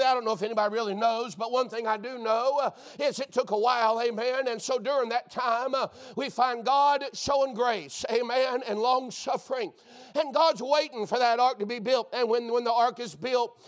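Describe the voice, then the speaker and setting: A man preaching a fervent sermon, breaking into shouts and calling out to his listeners as dear friend. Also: extremely high pitch.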